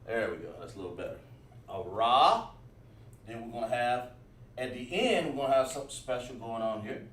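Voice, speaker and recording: During a livestreamed lesson, a man who teaches Hebrew writes on a board while talking, often restarting and using fillers. His mid-range voice is animated, a little fast and fairly bright, heard through a distant mic with roomy echo.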